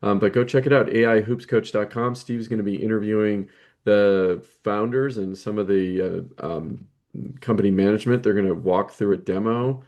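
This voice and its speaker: Low-voiced male podcast co-host. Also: steady tone, moderate pace, a little mellow. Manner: conversational, fillers like you know and right. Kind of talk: casual podcast chat.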